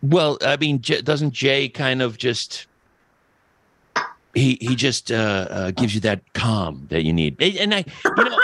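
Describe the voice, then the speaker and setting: A man's voice: mid-range voice, very animated, a little slow, sharp tone, slight background noise. A middle-aged man hosting a podcast, chatting casually and enthusiastically with a rambling, profane way of talking. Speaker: podcast host.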